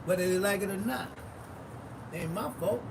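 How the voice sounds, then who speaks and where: A pastor giving a loose, emphatic sermon recap, blunt and repetitive. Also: male voice, sits high, a little fast. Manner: emphatic, repetitive, blunt street-style preaching. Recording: distant mic with noisy background.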